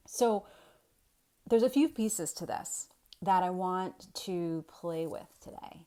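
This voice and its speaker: Woman, 30s, lower register, home webcam talk, reflective and rambling coaching tone. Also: takes it slowly, warm tone. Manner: thinking aloud, with restarts and rhetorical questions. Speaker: storytelling coach. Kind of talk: casual talk to camera. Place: home with kids in the next room.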